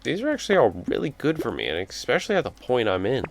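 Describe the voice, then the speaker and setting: A man's voice: medium pitch, huge pitch swings, fast talker, gravelly, soft background music. A man telling a rambling story while playing a video game, breaking off to react to the game. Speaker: let's play commentator. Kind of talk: casual storytelling over gameplay.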